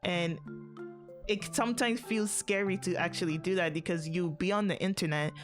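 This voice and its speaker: A woman streamer rambles through a story in relaxed, blunt chat, swearing casually and laughing as she goes. Her voice sits a little low for a woman. Faint background music plays under her talk. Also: normal speed. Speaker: VTuber streamer.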